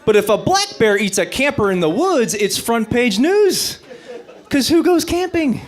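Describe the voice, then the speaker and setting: A young man doing a stand-up comedy set on stage, delivering dry punchlines between lively bits. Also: very high voice, measured pace.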